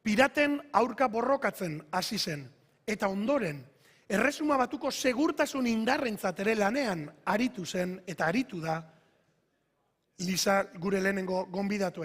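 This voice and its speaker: A man's voice: high-pitched, a bit bright. A man, formally introducing a guest speaker on stage. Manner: formal, building up to applause. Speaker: event host. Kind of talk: formal stage introduction, switching between Basque and Spanish. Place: large conference hall. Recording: long hall reverb.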